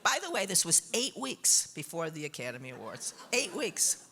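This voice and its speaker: An older woman on stage telling a personal story in an expressive way, often laughing as she goes. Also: on the low side, normal speed. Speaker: honored guest interviewee. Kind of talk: animated anecdote on stage.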